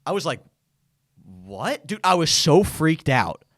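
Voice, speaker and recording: A young man co-hosting a podcast, telling stories in a casual, animated chat. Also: on the high side, normal speed, a little hiss or hum. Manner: animated storytelling, frequent "like". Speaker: podcast co-host.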